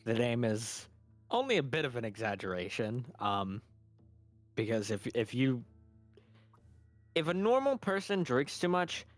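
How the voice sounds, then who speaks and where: Man, game master, relaxed amused narration, faint background music. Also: medium pitch, unhurried, long pauses, no echo.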